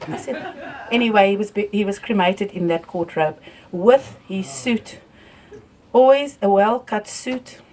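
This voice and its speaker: An older woman with a South African accent, telling lively stories at a wake and laughing often through them. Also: mid-range voice, unhurried. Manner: lively storyteller, laughs through tales, softens when thanking people. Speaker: family member speaking at a wake. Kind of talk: anecdotal eulogy storytelling. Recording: voice from far off the mic.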